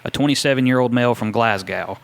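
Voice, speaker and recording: A man, a wrestler telling his story in a casual interview, relaxed and rambling with many ums and restarts. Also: mid-range voice, quick pace, creaky, no room sound. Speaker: wrestler guest.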